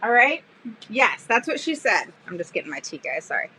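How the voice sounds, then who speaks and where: A woman special education advocate chatting on a live stream, telling an animated, sarcastic story with frequent laughter. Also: mid-range voice, fairly quick, breathy edge, poor audio. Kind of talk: casual live-stream chat.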